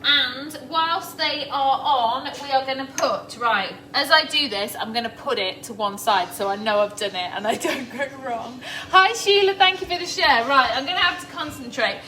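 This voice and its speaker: A chatty middle-aged woman with a high voice talks her viewers through a recipe, calling out hellos to people by name as she cooks. She sounds a little distant from the mic, in an echoey kitchen where pots and pans clatter clearly behind her. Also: normal speed, few pauses, sharp tone. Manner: chatty, greets viewers by name while cooking. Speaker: host of a live cooking stream. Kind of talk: casual live cooking demo. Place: home kitchen.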